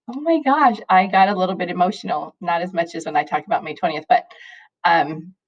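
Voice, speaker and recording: A middle-aged woman, a high school math teacher, chatting casually and rambling to her students from home, laughing often. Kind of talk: casual video chat to students. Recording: dull lo-fi recording.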